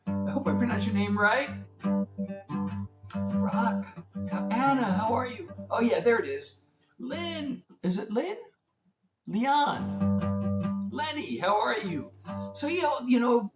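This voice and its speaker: A man talks to viewers on a livestream in a lively, up-and-down voice, greeting them by name as he sorts out his setup. He sits back from his phone in an echoey room, and guitar music is heard behind him. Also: high-pitched, recorded from a distance. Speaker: singer-songwriter hosting a livestream. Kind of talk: casual livestream chat. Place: room at home lit by a ring light.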